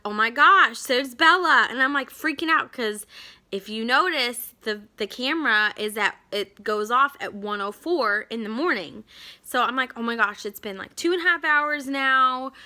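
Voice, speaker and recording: A young adult woman telling a story to camera in a chatty, animated way, full of "like" fillers. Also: on the high side. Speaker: vlogger.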